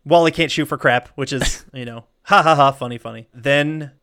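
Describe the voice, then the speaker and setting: A man co-hosting a podcast, recapping a film in casual chat, animated, with frequent laughs and rambling asides. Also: mid-range voice, normal speed, smooth. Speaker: podcast co-host.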